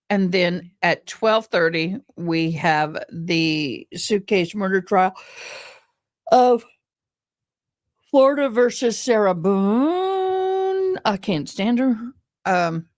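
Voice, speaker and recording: A tired, grieving woman hosting a casual livestream chat, talking slowly with frequent pauses and ums. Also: lowish voice. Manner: slow, meandering, with frequent ums. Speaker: livestream host.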